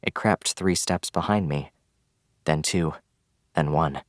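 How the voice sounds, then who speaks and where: A man giving scripted, measured audiobook narration of a fantasy novel. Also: a bass voice, dry recording, clean studio sound.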